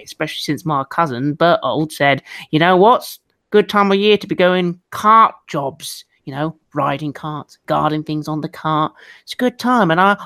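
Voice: mid-range voice, a bit bright, dry recording. Player rambling in character, dry recording. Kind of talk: in-character role-play.

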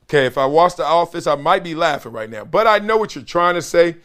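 A man's voice: on the high side, expressive, fast, a bit bright, clear, resonant tone. A middle-aged man hosting a sports talk show, reading viewer comments aloud with playful hype chants and frequent laughter.

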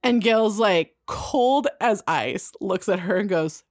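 A young adult woman casually recapping a TV episode on a podcast, animated, swearing freely and acting out the characters' lines. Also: mid-range voice, slow, dry recording, studio quality. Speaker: podcast co-host.

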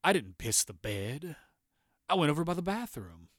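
A man imitating a drunk man who calmly placates his angry partner in a low, soothing voice. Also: moderate pace, no room sound, studio quality. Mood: placating.

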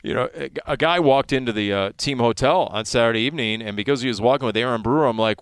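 A man working as a sideline reporter, chatting on a sports radio show and telling animated stories, his voice jumping up when he gets excited. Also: medium pitch, brisk, gravelly, few pauses, smooth, no room sound. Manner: animated storytelling, voice jumps up in excitement.

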